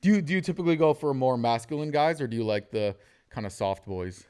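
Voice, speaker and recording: A man of ordinary pitch hosts a casual podcast chat. He tells stories with a joking edge and slips into quoted voices along the way. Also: lively intonation, fast talker, mellow, clear, resonant tone. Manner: storytelling, jokey, acts out quotes. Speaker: podcast host.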